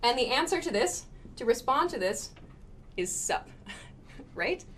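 A woman teaching casual English phrases in a relaxed live lesson, demonstrating pronunciation slowly and laughing often. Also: high-pitched, a little hiss or hum. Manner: slow, clear demonstrations with laughs.

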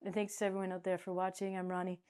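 A woman teaching English pronunciation in a playful, jokey way, often breaking into loud, high, exaggerated sound demonstrations. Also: little pitch movement, racing.

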